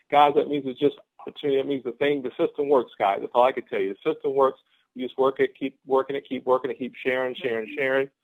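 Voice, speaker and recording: A man's voice: mid-range voice, gravelly. Man, motivational speaker, upbeat and repetitive, thin phone-call sound. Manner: exuberant, repetitive, laughs often. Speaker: guest speaker on a team conference call. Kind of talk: motivational pep talk. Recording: phone-line conference call.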